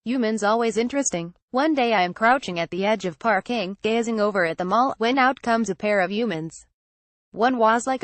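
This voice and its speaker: A woman's voice: on the high side, moderate pace, dry recording. A woman narrating an audiobook in an earnest, naive first-person storytelling manner.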